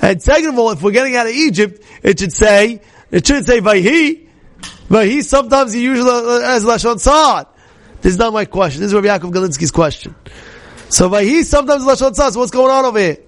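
Man, high-pitched Torah teacher, emphatic, quizzes his listeners with questions. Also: animated, brisk. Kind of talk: short recorded Torah lesson.

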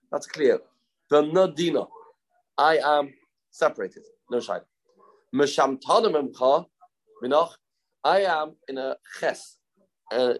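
Man thinking aloud through a Talmud class. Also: mid-range voice. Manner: thinking aloud, repeating phrases, mixing Hebrew terms into English. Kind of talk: informal Talmud lesson.

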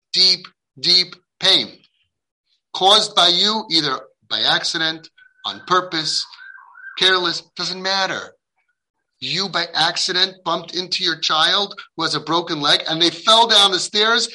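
Bright-voiced man lecturing parents. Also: sits high, unhurried, low-quality recording. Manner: emphatic, acts out quoted dialogue; uses Hebrew and Yiddish religious terms. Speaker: parenting guide addressing parents.

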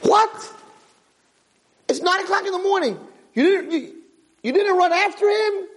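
A man doing the voice of a panicking male horse owner who yells in a frantic rush. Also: expressive, a little slow, big-room sound, heavily acted. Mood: panicked. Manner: shrill, frantic yelling.

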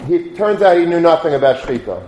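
A man's voice: fairly high pitch, expressive, fairly quick, dark tone. Man telling a story in an echoey room. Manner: conversational, telling a story with acted quotes. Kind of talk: sermon storytelling.

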